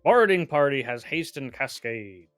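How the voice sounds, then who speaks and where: A man in casual game-play chat over a video call, narrating each move and tossing in dry, teasing jokes. His voice sits at an ordinary pitch and sounds close and dry, with no room around it. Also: expressive, unhurried, a bit bright, no echo, faint music behind. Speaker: card game player.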